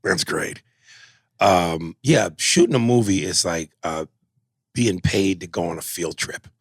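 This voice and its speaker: A man's voice: sits low, husky, no echo, clean studio sound. A man co-hosting a podcast in casual comedic chat, crude and joking. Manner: crude, joking, quick to riff. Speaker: podcast co-host.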